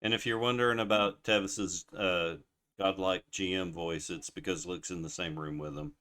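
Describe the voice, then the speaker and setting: A man trades jokes with his fellow players over voice chat, tripping over his words now and then. His tone is bright and forward. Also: deep voice, animated, moderate pace. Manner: joking, stumbles and restarts. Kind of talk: casual banter in a tabletop game.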